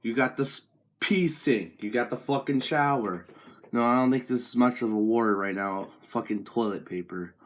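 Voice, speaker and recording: Profane teenage boy ranting deadpan. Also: mid-range voice, moderate pace. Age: teens. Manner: profane, mocking, deadpan slacker drawl. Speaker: vlogger. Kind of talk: crude comedic rant to camera.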